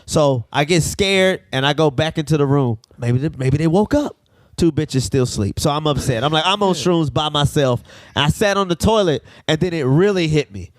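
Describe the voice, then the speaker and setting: A man co-hosting a podcast, telling a long story in a rambling, profane, animated way. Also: on the high side, moderate pace, no room sound, clean studio sound. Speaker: podcast co-host. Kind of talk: casual storytelling chat.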